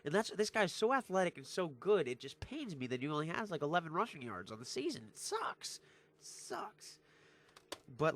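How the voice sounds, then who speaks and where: A man's voice: medium pitch, fairly bright tone. Teen male vlogger, heated fan rant, emphatic and repetitive, mid-range voice. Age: teens. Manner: emphatic, frustrated, repetitive, swears freely. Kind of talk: heated sports recap rant.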